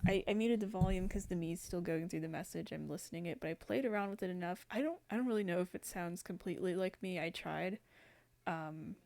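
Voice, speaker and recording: A woman's voice: lowish voice, fairly quick, gravelly, darkish tone, a little hiss or hum. A young woman hosting a gaming channel, chatting casually over gameplay, rambling with many fillers and restarts.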